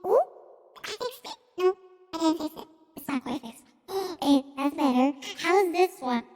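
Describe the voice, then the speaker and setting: A woman streamer chatting casually through a high chipmunk voice changer, giggly and playful. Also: a little slow, a little mellow, in a large hall, faint music behind. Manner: giggly, playful, fiddling with settings. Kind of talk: casual live-stream chat.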